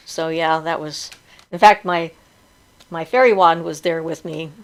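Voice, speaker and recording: A woman's voice: deep voice, fairly even intonation, a little slow. A middle-aged woman hosting a casual live chat, talking freely and laughing often as she reads viewer comments aloud.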